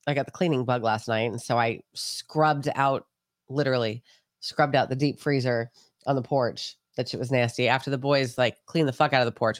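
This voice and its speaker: A woman co-hosting a podcast, telling a story in a casual, profane, animated way. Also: extremely low pitch, dry recording, studio quality. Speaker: podcast co-host.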